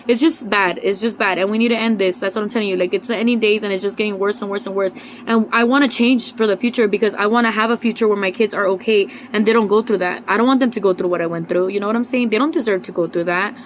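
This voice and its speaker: A young woman tells her life story in a quick, rambling vlog voice. She leans on "like" and "right?" and slips in Spanish words. A faint hum of ambience sits behind her. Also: medium pitch, rough recording. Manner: rambling, filler-heavy, confiding. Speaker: vlogger.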